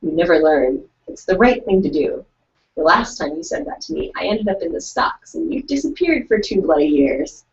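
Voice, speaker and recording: A woman's voice: fairly low pitch, lively intonation, normal speed, gravelly. Young woman co-hosting, slightly distant, muffled. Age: young adult. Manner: upbeat, reads quotes in a plain voice. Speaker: co-host of a virtual writing event. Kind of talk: casual chat, reading out excerpts. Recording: muffled, from away from the mic.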